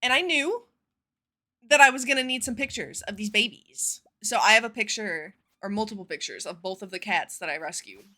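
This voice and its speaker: A woman streamer chatting casually with her viewers, telling stories in an expressive, profane way. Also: medium pitch, normal speed. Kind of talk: casual live-stream chat.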